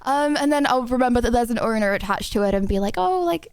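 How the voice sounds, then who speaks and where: Giggly high-voiced woman streamer. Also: fast, clear, resonant tone, no room sound. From Australia. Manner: rambling and giggly, full of fillers. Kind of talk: casual live-stream chat.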